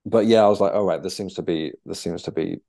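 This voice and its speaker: A young man, a podcast guest, telling his story in a halting conversational way with many restarts. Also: low voice, creaky, warm tone. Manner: halting, with frequent restarts and fillers.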